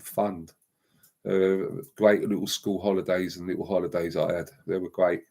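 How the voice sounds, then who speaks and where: A man's voice: low voice, little pitch movement, moderate pace, creaky, darkish tone. A man hosting a live stream and ranting heatedly, with repeated emphatic outbursts and words said over and over. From England.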